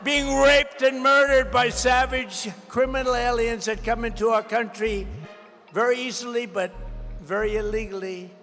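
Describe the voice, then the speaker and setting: A man delivers a campaign rally speech in a strikingly high voice, hammering his points with repetition and frequent shouts. His tone is bright and pushing hard. The sound carries a long, echoing hall reverb with faint music underneath. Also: fairly even intonation, moderate pace. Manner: emphatic, repetitive, often shouting. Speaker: political candidate. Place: large rally venue.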